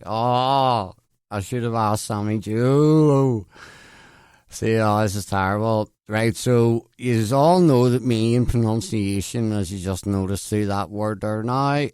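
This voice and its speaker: A man's voice: medium pitch, a little mellow, clear, resonant tone, dry recording, clean studio sound. A man hosting a late-night radio show in casual chat, rambling and self-deprecating, stumbling over names. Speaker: radio host. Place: radio studio.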